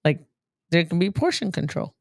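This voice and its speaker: A woman's voice: on the low side, sing-song, moderate pace, no echo, clean studio sound. Teasing woman podcast co-host. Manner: teasing, laughs often. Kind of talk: casual chat.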